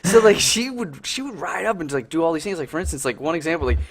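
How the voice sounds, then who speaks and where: A man's voice: fairly high pitch, animated, fast talker, a loud crowd. A young man on a casual podcast, telling rambling stories full of filler words and acted-out quotes. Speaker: podcast co-host. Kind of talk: casual chat.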